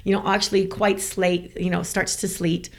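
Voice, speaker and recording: A woman from the American South, a guest telling a story in casual chat, animated and laughing often. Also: fairly low pitch, moderate pace.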